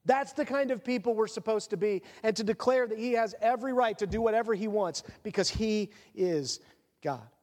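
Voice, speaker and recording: A man's voice: sits high, normal speed, a little mellow, long reverb tail. A middle-aged man preaching an earnest, confessional sermon as pastor.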